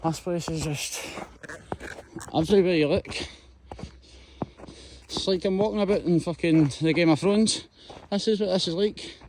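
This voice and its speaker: A Scottish man vlogging as he hikes a snowy mountain, excitable and sweary as he talks to the camera. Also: high voice, moderate pace, long pauses, slight background noise. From Scotland. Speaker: hiking vlogger. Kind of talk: casual vlog narration while hiking.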